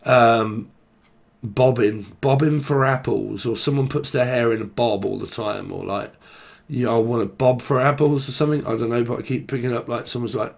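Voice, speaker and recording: Young English man, London-area accent, slangy tarot reader, gravelly, mid-pitched. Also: normal speed. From Britain. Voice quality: swears a lot, slangy and rambling. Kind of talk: casual tarot channelling monologue.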